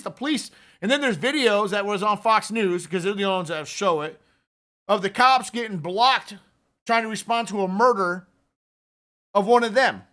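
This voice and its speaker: A man with a high, bright, forceful voice rants through political commentary. He sounds fired up and talks casually, straight to his listeners, like he's calling out to a buddy. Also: normal speed. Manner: fired-up, ranting delivery; conversational, addresses listeners directly with "man".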